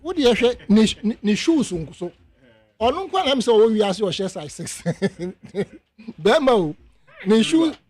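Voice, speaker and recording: Brief: Ghanaian male radio guest, high and emphatic, dry close studio sound. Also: measured pace, dry recording. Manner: emphatic, mixes English and Twi, rises to high animated outbursts. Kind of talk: heated radio debate.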